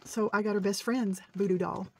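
A middle-aged woman chatting her way through a crafting show-and-tell at a mid-range pitch. She gushes and rambles, tripping over her words when excited, with a faint hiss of noise underneath. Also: brisk, vocal fry. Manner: excitable, gushing, rambling and tongue-tied. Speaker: paper-crafting vlogger. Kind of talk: casual show-and-tell chat.

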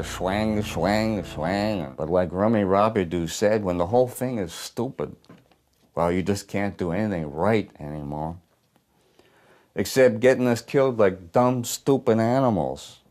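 A man's voice: fairly low pitch, darkish tone, close to an everyday voice. A man playing a bitter, haunted old working-class war veteran who talks coarse, profane and ungrammatical in a theatrical stage monologue. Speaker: stage performer in a one-man play.

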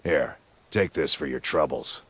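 An actor playing a gruff, businesslike male quest giver in a video game, with a clipped delivery. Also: rumbling low, a little slow, a bit bright, full character voice. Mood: pleased.

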